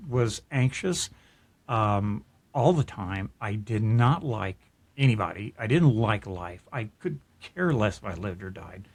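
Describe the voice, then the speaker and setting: A middle-aged man, co-host of a podcast, telling a personal story in a casual, earnest, reflective way, often restarting his sentences. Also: lowish voice. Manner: earnest, reflective, with frequent restarts and soft laughs.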